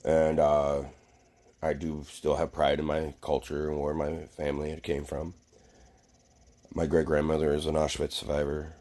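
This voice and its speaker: A man's voice: extremely low pitch, completely flat delivery, normal speed, mellow. A man vlogging a casual, rambling rant to camera, swearing freely and full of fillers and restarts.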